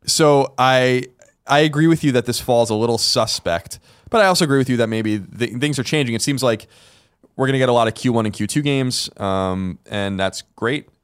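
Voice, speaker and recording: A man's voice: medium pitch, moderate pace, smooth, no room sound, clean studio sound. A man co-hosting a podcast, chatting casually and hesitantly, with many restarts. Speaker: podcast co-host. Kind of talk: casual chat.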